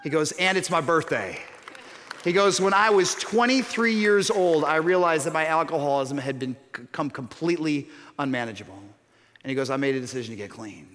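A man's voice: fairly high pitch, a little fast. A man preaching a sermon as pastor, telling stories with self-mocking humor. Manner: storytelling, animated and self-mocking. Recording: reverberant hall.

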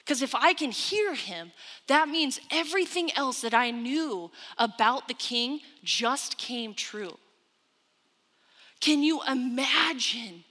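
High-voiced woman preaching, slow and bright. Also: expressive. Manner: storytelling, emphatic, with restarts and quoted asides. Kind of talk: sermon. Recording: long hall reverb.

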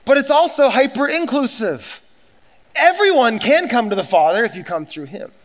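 A man's voice: extremely high pitch, sing-song, normal speed. A man preaching a sermon as pastor, emphatic and repetitive, with conversational asides to the congregation.

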